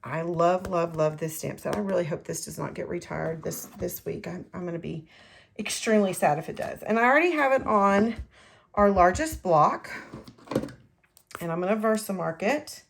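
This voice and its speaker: Gravelly-voiced chatty woman crafter. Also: fairly low pitch, lively intonation, moderate pace, a little hiss or hum. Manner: chatty, rambling, self-correcting. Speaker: card-making demonstrator. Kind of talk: casual craft tutorial. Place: home craft room.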